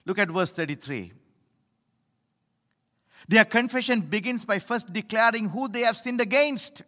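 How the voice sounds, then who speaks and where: Middle-aged man, pastor, emphatic sermon, high voice, echoey church hall. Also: animated, a little slow. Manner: emphatic preaching, swinging between loud appeals and low asides. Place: church sanctuary.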